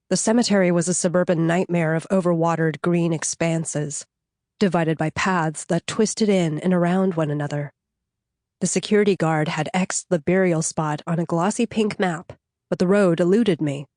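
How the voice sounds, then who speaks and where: A woman narrating a novel in the first person with a measured, even reading. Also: fairly low pitch, no echo, clean studio sound. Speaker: audiobook narrator.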